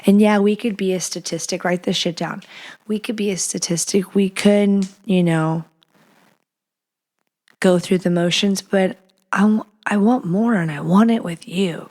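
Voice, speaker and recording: A woman's voice: mid-range voice, fairly even intonation, unhurried, darkish tone. A woman hosting a podcast, giving frank, playful advice in a casual chat, sometimes dropping into a whisper. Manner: blunt and playful, slips into whispers and acted quotes. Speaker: podcast host.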